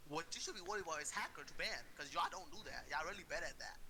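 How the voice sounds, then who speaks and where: A young man co-hosting a casual online chat, animated and mocking, using lots of slang. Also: a little high, fast, a crowd in the background, rough recording. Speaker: co-host reviewing a video. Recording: faint hiss.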